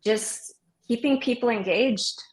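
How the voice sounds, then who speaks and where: A middle-aged woman with a voice on the high side talks a little slowly as a guest in a casual interview. An opera singer and music teacher, she tells stories with animation and acts out children's voices. The recording is rough.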